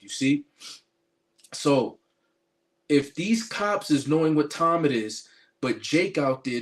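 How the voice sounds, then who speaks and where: A man giving a spiritual commentary sermon to his online viewers, preaching emphatically with many fillers and restarts. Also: medium pitch.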